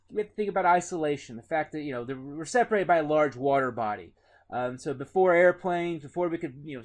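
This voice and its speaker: An American man giving a casual recorded geography lecture, with many fillers and restarts. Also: fairly high pitch. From United States. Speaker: teacher.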